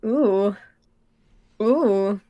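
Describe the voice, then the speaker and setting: A woman's voice: medium pitch, very slow, mellow, muffled recording. A woman guest on a livestream, chatting in a giggly, playful, self-mocking way. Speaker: guest streamer. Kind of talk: casual livestream chat.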